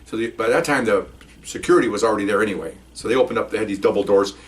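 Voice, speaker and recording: Older retired cop storyteller, rapid and animated, recorded a bit away from the mic. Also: male voice, fairly low pitch, far from the mic. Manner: animated, laughs while telling, acts out voices. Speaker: retired police officer. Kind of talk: casual storytelling.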